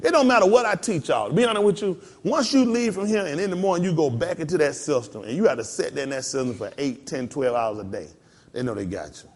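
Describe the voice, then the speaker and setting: The preacher's voice is a little high and quick as he gives a folksy, lively sermon. He puts on mock voices and laughs together with the people in the pews.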